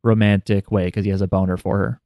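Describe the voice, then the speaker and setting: A man's voice: fairly low pitch, level tone, quick pace, dark tone, dry recording, clean studio sound. A man casually talking over an anime episode with a co-host, sarcastic and joking, swearing freely. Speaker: podcast co-host.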